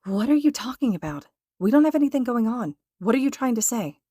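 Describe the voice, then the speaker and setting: A woman voicing an upset young man who pleads, then turns tearful and accusing, his voice rising high under stress. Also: sing-song, a little fast, dark tone, no echo, studio quality. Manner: voice rising high when distressed.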